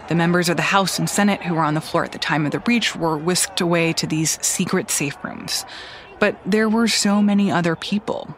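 A man's voice: high voice, fairly bright tone, slight background noise. A man hosting a news podcast, telling the story in a conversational, explanatory way. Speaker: podcast host.

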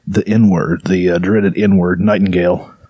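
A man's voice: sits low, little pitch movement, a little slow, noisy background. A man hosting a podcast in casual chat, rambling and sarcastic, with lots of fillers. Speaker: podcast host.

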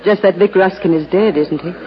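An actress playing a flirtatious nightclub singer, coy and teasing, in 1940s radio acting style. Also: female voice, fairly low pitch, fairly quick, close to an everyday voice. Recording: dull old radio recording with music behind.

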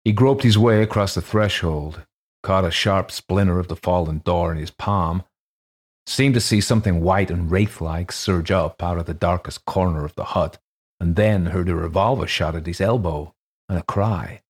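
A man reading a ghost story aloud as an audiobook narrator, measured and even. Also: deep voice, slightly rough.

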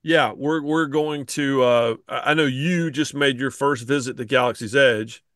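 A man's voice: medium pitch, unhurried, fairly bright tone, no echo, clean studio sound. A man co-hosting a podcast in casual chat who often restarts and repeats words. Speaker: podcast co-host.

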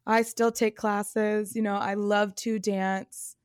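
A woman performer, a guest on an interview show, telling an audition story casually. She is animated and chatty, laughs often and uses many fillers. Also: mid-range voice, slow, clear, resonant tone, dry recording, studio quality.

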